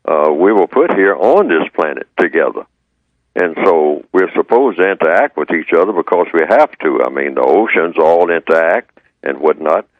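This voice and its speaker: A man, the guest on a radio show, explaining his ideas in a measured way and repeating his points. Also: sits low, lively intonation, dry recording, highs cut off. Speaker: guest speaker.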